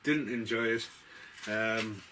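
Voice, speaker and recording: A man's voice: fairly low pitch, fairly even intonation, slow pace, pushed and bright, slight background noise. Blunt, sweary man ranting about films. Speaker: film reviewer. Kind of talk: casual ranting film review.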